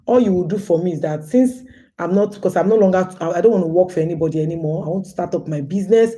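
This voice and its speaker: Speaking quickly in a warm, lowish voice, a Nigerian woman hosts a casual livestream. She's chatty and tells stories, repeating phrases and often addressing her viewers as "guys."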